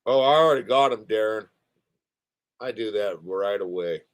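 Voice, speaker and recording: A man's voice: on the low side, normal speed. A man hosting a casual live stream, chatting in a rambling, talkative way. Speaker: livestream host.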